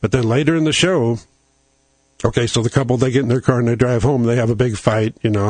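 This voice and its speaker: A man's voice: mid-range voice, steady tone, quick pace, darkish tone, no echo. A man hosting a talk show, telling a long rambling story in a casual way. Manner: rambling storyteller who acts out quoted lines.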